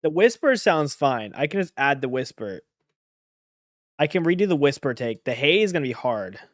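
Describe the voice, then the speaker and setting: A man's voice: fairly high pitch, big pitch swings, normal speed, no echo, studio quality. A man talking to himself as he edits and records sound for a short film, muttering and self-critical, with the odd swear. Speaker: amateur filmmaker. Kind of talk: talking to himself while editing.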